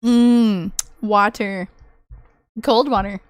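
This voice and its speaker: A woman livestreamer in casual chat with her viewers, excitable, swearing freely and laughing often. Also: mid-range voice, extremely slow, clear, resonant tone, no room sound.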